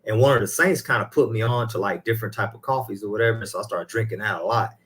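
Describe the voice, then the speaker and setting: Low-voiced rambling church elder, man. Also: quick pace, a bit bright. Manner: rambling, exclaims hallelujah. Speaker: ministry elder guest. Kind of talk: casual faith discussion.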